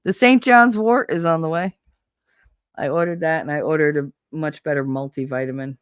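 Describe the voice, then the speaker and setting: A woman's voice: low voice, normal speed, clear, resonant tone, dry recording, studio quality. A woman streamer in casual live-stream chat, rambling and candid, swearing freely and laughing often.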